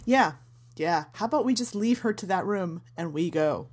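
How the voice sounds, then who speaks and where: An actress playing a wry, quick-witted con artist in a comedy audio drama. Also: female voice, medium pitch, animated, darkish tone, husky. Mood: scheming. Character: scheming adult woman con artist.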